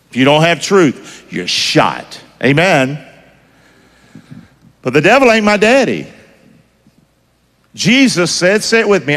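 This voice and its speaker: Preacher booming in a hall. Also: male voice, a bit bright. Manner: call-and-response, quizzing the congregation; folksy, emphatic preaching. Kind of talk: sermon.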